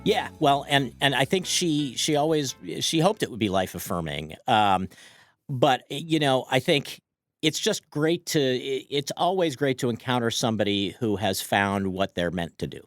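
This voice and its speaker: A man's voice: medium pitch, lively intonation, normal speed, fairly bright tone, no room sound, faint music behind. A man in his fifties co-hosting a casual chat, rambling and restarting, laughing often. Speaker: podcast co-host.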